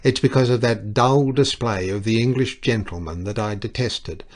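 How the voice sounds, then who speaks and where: A man's voice: fairly low pitch, normal speed, voice pushed up, natural voice. Sylvia, a scornful society wife, read by a man. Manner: cutting, lazily mocking.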